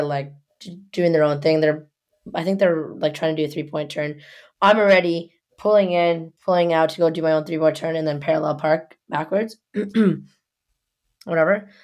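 A woman's voice: low voice, moderate pace. A young woman co-hosting a podcast, telling a story in casual chat with lots of swearing and heat. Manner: profane, heated storytelling. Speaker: podcast co-host.

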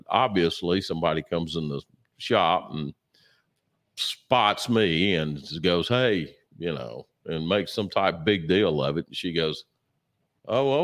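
Very deep-voiced rambling man. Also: a bit bright. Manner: rambling storyteller with many fillers and throat clearing. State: sore and a bit lethargic. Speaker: podcast co-host. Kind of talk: casual chat.

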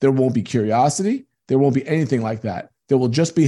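A man's voice: mid-range voice, fast talker, mellow, breathy edge. A man being interviewed as a guest, telling earnest, emphatic stories about his business. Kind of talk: conversational interview.

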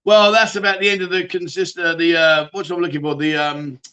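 A man's voice: high-pitched, level tone, a little fast, pushed and bright, clear, resonant tone. A middle-aged man hosting a casual livestream, reading out viewer comments and bantering with them in a chatty, jokey way. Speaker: livestream host.

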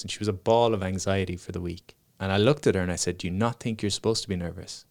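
Fast-talking low-voiced man telling stories. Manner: storytelling, acts out quoted people. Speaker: guest, motivational speaker. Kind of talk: casual podcast chat.

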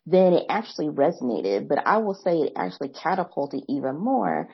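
Midwestern American woman guest, husky, lower voice, earnest and chatty, lo-fi line. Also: sing-song, moderate pace. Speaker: podcast guest. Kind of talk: casual chat.

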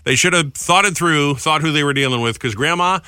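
A man's voice: fairly high pitch, a little fast, noisy background. A man co-hosting a morning radio show, telling funny news stories in a playful, joking way.

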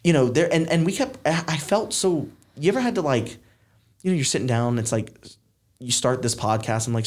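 Animated man telling a story. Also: mid-range voice, a little fast, slight background noise. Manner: animated, quotes himself and others in mock dialogue. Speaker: podcast guest. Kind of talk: casual storytelling chat.

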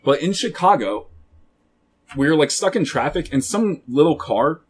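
A man's voice: fairly high pitch, lively intonation, moderate pace, slightly rough. A young man from Pennsylvania, co-hosting a podcast and telling a long, profane, rambling story in casual chat. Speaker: podcast co-host.

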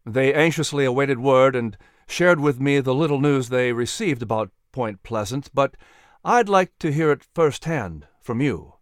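A man's voice: medium pitch, expressive, unhurried, clear, resonant tone, dry recording, studio quality, lightly acted. A man playing a grave colonial statesman who speaks with solemn, rhetorical weight. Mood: earnest. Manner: solemn, then impassioned rhetoric.

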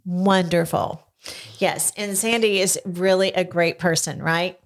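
An older woman hosting a casual podcast interview, gently coaxing answers with leading questions from a studio. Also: lowish voice, steady tone, unhurried. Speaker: podcast host. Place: home studio.

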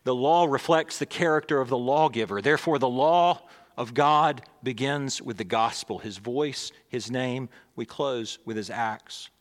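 A male pastor preaching a sermon, swinging between emphatic, raised lines and hushed, near-whispered ones. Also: medium pitch, unhurried, big-room sound.

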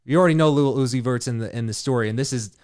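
A young adult man hosting a podcast, telling a story in a loose, animated way and laughing often. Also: medium pitch, rapid-fire. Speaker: podcast host, dating coach. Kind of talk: casual storytelling chat.

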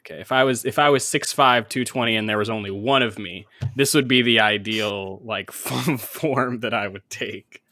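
A man's voice: fairly low pitch, moderate pace, hardly any pauses, pushed and bright, dry recording, clean studio sound. A man co-hosting a casual movie podcast, teasing his friends and laughing often. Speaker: podcast co-host. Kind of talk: casual movie-discussion chat.

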